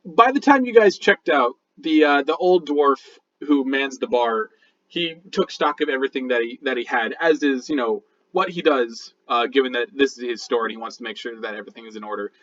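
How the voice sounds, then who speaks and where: A man's voice: medium pitch, brisk, fairly bright tone. A man narrating a tabletop game as dungeon master, rambling with lots of fillers and restarts. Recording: dull lo-fi sound.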